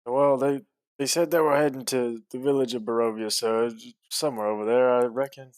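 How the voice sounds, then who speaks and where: A man's voice: mid-range voice, steady tone, darkish tone, dry recording, close to an everyday voice. A man doing a folksy villager. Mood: helpful. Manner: halting, folksy. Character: plain-spoken male villager giving directions.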